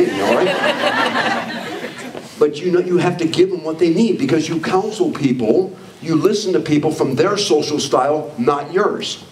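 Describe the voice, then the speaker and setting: Energetic male trainer in an echoey hall. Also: a little high, moderate pace, over a noisy crowd. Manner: energetic, acts out quoted people in animated voices. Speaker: leadership trainer. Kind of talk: motivational training talk to a live audience. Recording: echoey hall, mic from far off, faint noise.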